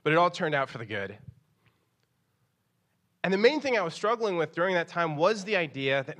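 A young man preaches a sermon in a bright, forward voice. He talks casually and animatedly, leaping up in pitch whenever he acts out what someone said. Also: sing-song, a little fast, long pauses. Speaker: pastor.

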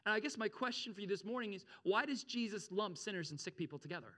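Man, pastor, sermon, slightly high voice, animated, repetitive emphasis. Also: fast talker, few pauses. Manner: animated, addresses congregation with frequent check-ins; repeats phrases, rises in pitch and volume for emphasis.

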